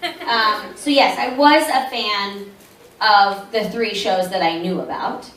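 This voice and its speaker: A woman's voice: medium pitch, slow, a little hiss or hum. A woman in her thirties, a voice actress telling stories at a convention panel and acting out the lines she quotes. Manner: animated storyteller acting out quoted dialogue, laughs often. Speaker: voice actress answering fan questions at a convention panel. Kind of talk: casual panel Q&A storytelling. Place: large convention panel room. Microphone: audience camera recording from the seats. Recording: echoey room recorded from far off.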